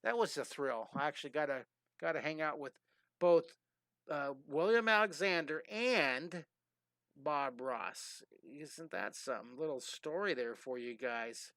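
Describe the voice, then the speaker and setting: A man in his fifties, an energetic and chatty drawing teacher who tells rambling stories during a live-streamed lesson. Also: on the high side, unhurried, no room sound. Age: 50s.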